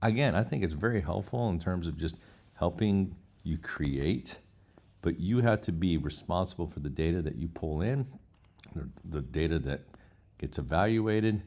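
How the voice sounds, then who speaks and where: Deep gravelly man reading aloud. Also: expressive, moderate pace, a little mellow. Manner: incredulous, reads text aloud with asides. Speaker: host. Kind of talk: casual vlog, reading chatbot replies aloud.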